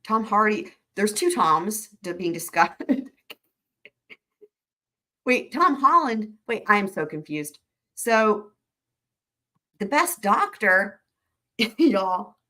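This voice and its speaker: A woman chatting casually on a live stream, wandering from thought to thought and breaking into laughter. Her pitch sits in a middling range for a woman. She keeps reacting to her viewers' comments. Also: big pitch swings, slow pace, pauses often, pushed and bright. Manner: rambling, laughs often, reads chat aloud.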